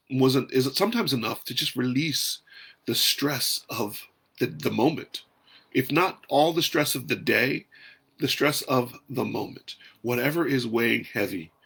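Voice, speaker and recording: A man hosting a calm, unhurried guided breathing talk outdoors, speaking softly. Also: mid-range voice, gravelly, husky. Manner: calm, soft-spoken, unhurried. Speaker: host.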